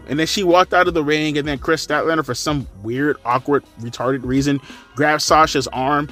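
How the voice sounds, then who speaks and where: A man's voice: on the high side, animated, a little fast, fairly bright tone, soft background music. A man giving a casual wrestling review, rambling, profane and sarcastic. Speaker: wrestling commentator.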